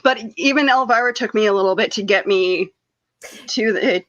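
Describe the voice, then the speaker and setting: A woman's voice: medium pitch, moderate pace, a bit bright. Woman co-host, hesitant casual talker, dull remote audio. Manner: hesitant, lots of ums and restarts. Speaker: podcast co-host. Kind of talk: casual chat.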